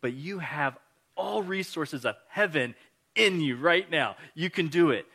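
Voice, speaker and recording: Earnest male pastor, bright forceful tone. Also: fairly high pitch, lively intonation, measured pace. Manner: earnest, encouraging, anecdotal. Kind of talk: conversational sermon.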